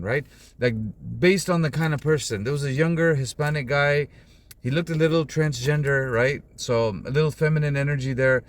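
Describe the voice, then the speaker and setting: A man's voice: mid-range voice, fairly quick. A man, a rideshare driver talking casually and at length to his viewers from inside his car. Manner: chatty and rambling, addressing viewers directly. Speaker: rideshare driver and channel host. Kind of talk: casual vlog talk to camera.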